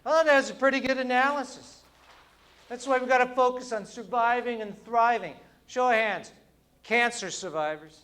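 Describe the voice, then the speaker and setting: A middle-aged cartoonist giving a humorous talk to an audience, playful and quick-witted with wry asides. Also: male voice, extremely high pitch, a bit bright, clear, resonant tone. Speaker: cartoonist and speaker. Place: event hall before an audience.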